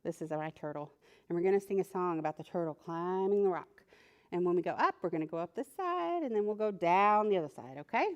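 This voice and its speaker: Lively woman reading to preschoolers. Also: fairly low pitch, fast talker, highs cut off. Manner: animated and playful, talks to the characters, laughs often. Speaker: children's librarian. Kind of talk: reading a picture book aloud to preschoolers.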